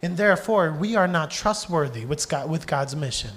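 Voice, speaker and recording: This young pastor's sermon is animated storytelling: he questions his congregation and acts out voices along the way. His pitch is a little high and his pace is moderate.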